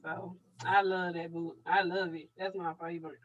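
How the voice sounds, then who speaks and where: A woman's voice: on the low side, little pitch movement, normal speed, dull audio. Woman reminiscing from a distant mic. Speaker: co-host. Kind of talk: casual chat.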